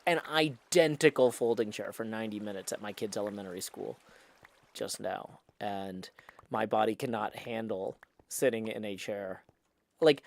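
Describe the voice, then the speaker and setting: A middle-aged man talks casually on a live stream, rambling and poking fun at himself. His pitch swings widely and lively from word to word. He speaks into a desk microphone in his apartment, with a faint hiss and the odd click in the background. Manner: rambling, self-mocking, reads chat aloud. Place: apartment room.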